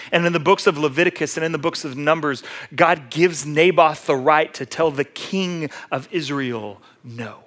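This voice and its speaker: A man with a fairly high voice preaches a sermon. He retells scripture in a casual, conversational storytelling manner and speaks to his congregation as if chatting with friends. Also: fairly bright tone. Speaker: pastor.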